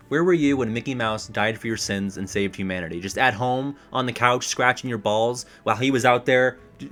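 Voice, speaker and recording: A young man in casual reaction chat about a video game, rambling and excitable, laughing often. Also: mid-range voice.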